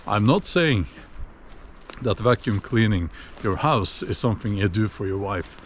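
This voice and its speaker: A man giving a casual opinion monologue while walking outdoors, unhurried and musing, with many fillers and restarts. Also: on the low side, expressive, slight background noise. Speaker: video blogger.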